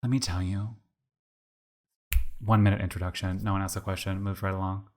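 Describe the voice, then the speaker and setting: A man's voice: sits low, fairly quick. A man in his twenties co-hosting a podcast, telling a rambling story in casual chat and saying "like" all the time. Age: 20s. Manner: rambling, animated, heavy use of "like". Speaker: podcast co-host.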